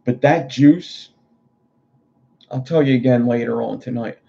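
A man's voice: medium pitch, a little slow, gravelly, warm tone. A male streamer chatting casually to viewers in a rambling, profane way. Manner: rambling, loose, profane talk. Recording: dull lo-fi stream audio.

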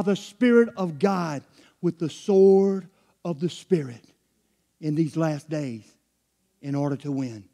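A middle-aged man, preaching a sermon as pastor, dropping to low murmurs and rising to loud, high climaxes. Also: slow, long pauses.

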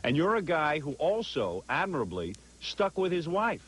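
A man's voice: a little high, big pitch swings, normal speed, fairly bright tone, slightly rough. A man hosting a radio show, bantering bluntly and teasing his guest with crude jokes. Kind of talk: casual radio talk. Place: radio studio.

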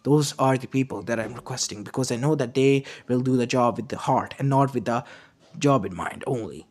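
A man's voice: mid-range voice, fairly quick, darkish tone, close to an everyday voice. A man voicing an earnest guilt-ridden scientist. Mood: pleading. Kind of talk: fan story narration. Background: faint lo-fi music.

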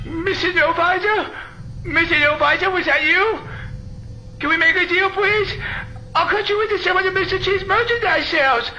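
A man's voice: very high-pitched, pushed and bright, muffled recording, a little hiss or hum, full character voice. A man voicing a jittery male crewmate who is easily frightened and stammers nervously in a cartoon. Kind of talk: cartoon voice acting.

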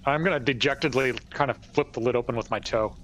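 A man's voice: medium pitch, fast talker, fairly bright tone, soft background music. A man playing a tabletop game, casual and earnest in tone. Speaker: player.

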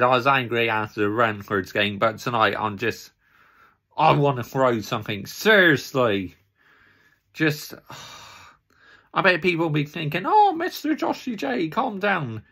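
A young man vents in a slow, seething rant, swearing and going back over the same points. His voice is gravelly with a bright, hard edge, and it sits a little high for a man. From England. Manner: furious, swearing, repeating himself. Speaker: football fan vlogger. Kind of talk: angry ranting fan vlog.

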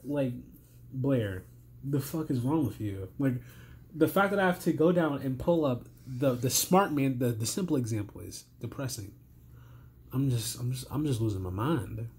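A worn-out man with a strained voice rambles through a casual reaction commentary at a medium pitch. He stammers, repeats himself and swears freely, sounding thoroughly exasperated. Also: lively intonation, normal speed, darkish tone, a little hiss or hum. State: tired, strained voice. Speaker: reaction video host.

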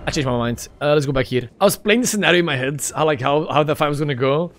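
A young man commentating his own gameplay casually, excitable and crude, with sudden yelps and laughs. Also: fairly high pitch, quick pace. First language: Dutch. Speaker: streamer. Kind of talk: casual let's-play commentary.

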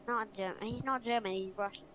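A woman's voice: mid-range voice, fairly even intonation, brisk, a crowd in the background. A young woman playing a game with a friend, playful and giggly, with mock-dramatic complaints. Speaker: co-player. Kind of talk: casual gaming chat.

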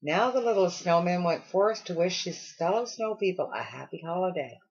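A woman reading a children's storybook aloud with expressive storytelling. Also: on the low side, moderate pace, slightly rough, muffled recording. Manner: expressive storytelling with acted character lines. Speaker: storybook reader.

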